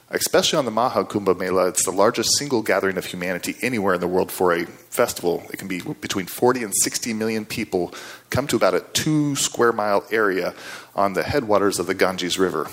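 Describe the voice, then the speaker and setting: A man's voice: lowish voice, fairly bright tone. A man preaching a storytelling sermon in an earnest, conversational way, often checking in with his listeners.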